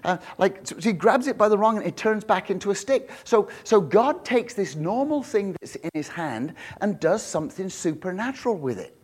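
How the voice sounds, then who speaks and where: A man with a high voice preaches a sermon as if chatting with friends, tossing in jokes and asides. He builds to loud, insistent repetition, hammering each point home. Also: lively intonation, normal speed, few pauses, slightly rough. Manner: jokey asides, laughs with congregation. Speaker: pastor.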